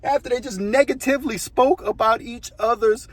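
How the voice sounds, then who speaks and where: A man's voice: extremely high pitch, moderate pace, no echo. A man telling a true story in a casual, rambling way, often checking in with "you know what I mean". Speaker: storyteller, channel host.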